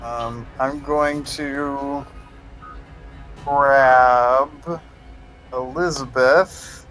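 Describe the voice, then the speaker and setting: A man plays in a tabletop game, speaking in a flat, even tone. He talks slowly and hesitantly, working out his moves aloud, with faint music behind him. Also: medium pitch, low-quality recording. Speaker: player.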